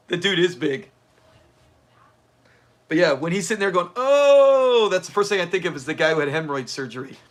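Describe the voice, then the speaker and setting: A man's voice: a little high, normal speed, pauses often, sharp tone. Chatty man laughing through commentary. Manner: chatty, laughs often, answers viewers in chat. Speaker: livestream host. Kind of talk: casual watch-party commentary.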